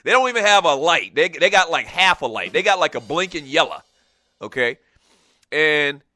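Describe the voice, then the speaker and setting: A man from Lowcountry South Carolina hosting a radio show, rambling through a chatty, laugh-filled monologue. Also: very animated, normal speed, bright, forceful tone, no echo, studio quality. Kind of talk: casual talk radio monologue.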